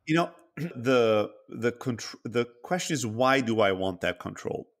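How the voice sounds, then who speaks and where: A man's voice: medium pitch, lively intonation, unhurried, gravelly. A man co-hosting a podcast, talking candidly and introspectively in casual chat, swearing freely. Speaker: podcast co-host.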